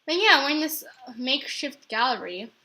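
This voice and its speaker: A young woman narrating her let's play of a horror game in a chatty, excitable way, often breaking into her characters' lines. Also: sits high, normal speed. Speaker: gaming channel host.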